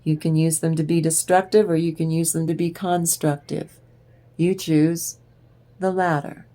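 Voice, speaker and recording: A woman giving a tarot reading, talking straight to the listener in an encouraging, unhurried way and laughing often. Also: fairly low pitch, warm tone. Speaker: tarot reader. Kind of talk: tarot card reading to the viewer.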